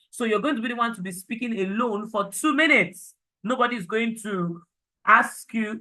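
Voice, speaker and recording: A woman's voice: on the high side, normal speed, pushed and bright, low-quality recording. A Nigerian woman teaching an online class, chatty and encouraging, slipping into pidgin.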